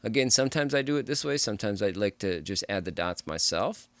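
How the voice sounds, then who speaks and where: A man hosting a music production tutorial, explaining step by step in a relaxed, casual way as he works. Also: on the low side, fairly quick, dry recording. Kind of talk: casual screen-recorded tutorial.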